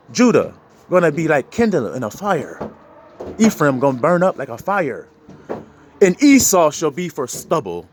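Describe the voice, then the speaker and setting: A man giving a preachy, freewheeling sermon, laughing often and swinging between loud and low. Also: slight background noise. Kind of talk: street sermon.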